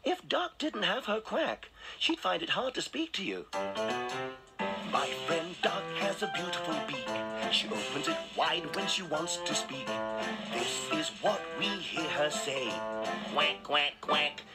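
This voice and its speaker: A man voicing a friendly male piano in a children's cartoon, gentle and reciting sing-song rhymes. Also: a little high, sing-song, measured pace. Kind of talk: children's TV voice acting.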